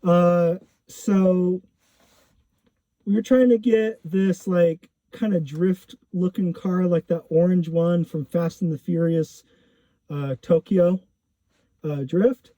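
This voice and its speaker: A man's voice: sits high, fairly even intonation, slow, dark tone, no echo. A man casually telling a personal story, rambling with lots of fillers and self-corrections. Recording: dull lo-fi recording.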